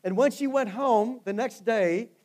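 A man's voice: very high-pitched, a little slow, a little mellow. A male pastor preaching a sermon, telling stories with fervent rises and drops in volume. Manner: fervent storytelling preacher, rising and falling in volume.

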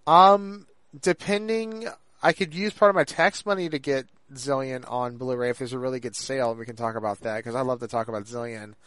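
A man co-hosting a podcast in casual chat, rambling and halting with lots of fillers and restarts. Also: medium pitch, little pitch movement, fairly bright tone, clear, resonant tone, no echo. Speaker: podcast co-host.

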